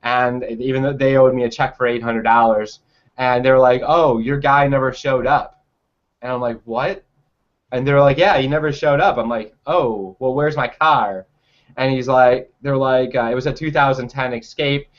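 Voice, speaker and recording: A man's voice: medium pitch, steady tone, normal speed, dull audio. A young man telling a personal story in a casual, rambling way, full of fillers and restarts.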